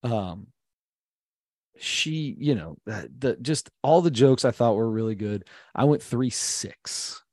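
A man's voice: mid-range voice, lively intonation, slow, mellow, no echo, clean studio sound. A man in his thirties co-hosting a podcast, chatting casually and animatedly about a comedy special and sometimes mimicking accents. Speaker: podcast co-host. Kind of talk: casual chat reviewing comedy.

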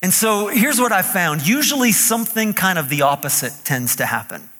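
A male pastor preaching a sermon to a live congregation in a playful, animated way that draws the listeners in. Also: sits high, normal speed, long reverb tail.

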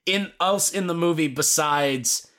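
Bright-voiced rambling man. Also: a little high, measured pace. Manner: rambling, full of "like" and swearing. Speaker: podcast co-host. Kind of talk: casual movie-review chat.

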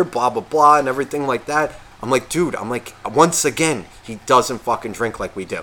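A man's voice: medium pitch, fairly quick. A man casually telling a long story on a podcast, swearing constantly and acting out what everyone said. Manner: profane, animated, acts out quotes. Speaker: podcast co-host.

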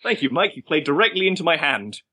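Bright, lively-voiced podcast host. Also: male voice, on the high side, breathy edge. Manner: playful, quick to joke and segue. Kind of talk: casual podcast chat.

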